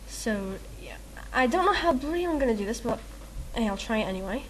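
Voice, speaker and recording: A woman's voice: on the high side, lively intonation, fairly quick, slight background noise. Giggly, rambling young woman. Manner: rambling, giggly, self-mocking, lots of fillers. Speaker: video maker answering a meme questionnaire. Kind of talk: casual chat.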